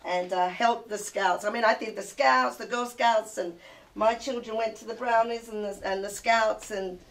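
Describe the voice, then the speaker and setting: A woman's voice: on the high side, steady tone, normal speed. An older woman from England hosting a TV show, chatting with a child guest in a gushing, doting, sing-song way. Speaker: TV show host. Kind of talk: casual chat with a child guest.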